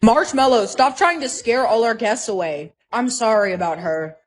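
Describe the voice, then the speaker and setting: This is a text-to-speech woman's voice that reads every side character in a storytime. It sits a little high and keeps a flat, even machine delivery the whole way through. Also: normal speed.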